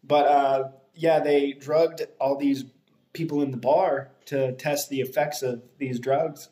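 A man's voice: medium pitch, fairly even intonation, slow pace, warm tone. Chatty man with a roomy echo. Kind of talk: casual chat. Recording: echoey room.

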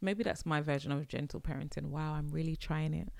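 A woman's voice: sits low, fairly even intonation, brisk, gravelly, a little mellow, no room sound. A woman hosting her podcast, talking in a chatty, rambling way and laughing often. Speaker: podcast host. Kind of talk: casual monologue.

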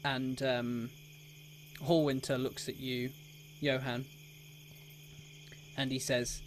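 A man running an improvised tabletop game as game master. He narrates slowly and hesitantly in a middling register, with a faint hiss under the recording. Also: medium pitch. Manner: relaxed and hesitant, with many fillers.

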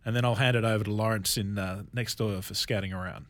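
A man hosting a wine talk show on radio, telling animated anecdotes in casual chat. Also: lowish voice, quick pace, dry recording. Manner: animated storyteller, lively anecdotes with laughs. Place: radio studio.

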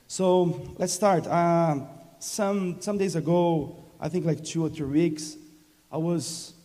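A man from Brazil preaching a sermon in halting English with a Brazilian accent, often restarting phrases and calling for amens. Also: a little high, dark tone, in a large hall. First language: Portuguese. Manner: halting, many restarts, laughs often, invites call-and-response. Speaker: guest preacher.

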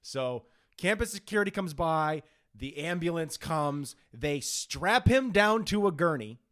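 A young man tells a long story on a podcast, his voice swinging widely up and down. His pitch sits a little high for a man. He jumps into quoted voices as he goes. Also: measured pace. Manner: animated, acts out quotes in changing voices. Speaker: podcast host. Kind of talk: casual storytelling chat.

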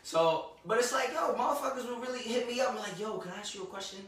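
A man's voice: extremely high pitch, quick pace. A man co-hosting a casual podcast chat, telling blunt, profane, joking stories about people who ask him questions. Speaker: podcast co-host. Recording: echoey room, distant mic.

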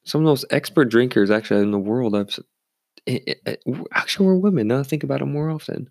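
A man's voice: mid-range voice, fast talker, creaky, a little mellow, no room sound, studio quality. A young man who works as a bartender, telling rambling bar stories in a casual, swearing way and acting out the people he quotes. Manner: rambling, swears freely, acts out quoted voices. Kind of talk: casual storytelling.

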